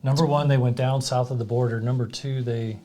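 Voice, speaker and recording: A man's voice: medium pitch, steady tone, fairly quick, dark tone. A man co-hosting a podcast in casual chat, laid-back, mostly giving short agreeing replies.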